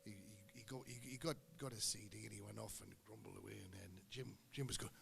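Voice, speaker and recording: A middle-aged singer-guitarist telling rambling, joking stories between songs at a live gig. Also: male voice, lowish voice, fast talker, gravelly, few pauses, crowd noise. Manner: joking, anecdotal storyteller. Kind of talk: rambling stage banter. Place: live music venue on stage. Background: guitar music.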